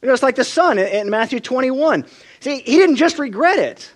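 A man's voice: very high-pitched, fairly quick. A man preaching a sermon, telling stories and acting out the people he quotes. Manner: expressive storytelling, acts out quoted voices.

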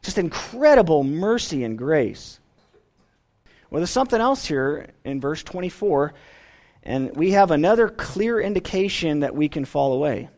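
A man delivers a sermon in a high, bright voice that swoops widely up and down. He lifts his voice when reading scripture dialogue aloud and sinks it low and quiet at the ends of phrases. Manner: dramatic swings in pitch and volume, drops low at phrase ends; reads scripture dialogue with raised, emphatic delivery. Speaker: preacher.

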